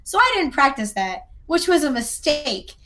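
Woman, from the South, high voice, chatty, self-deprecating, podcast host. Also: very animated, normal speed. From American South. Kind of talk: casual chat.

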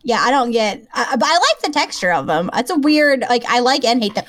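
A woman's voice: a little high, sing-song, brisk, a bit bright, no room sound. A young woman with a light Southern American accent, chatting casually and giggling as a podcast co-host. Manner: chatty, giggly, rambling with fillers. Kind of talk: casual chat.

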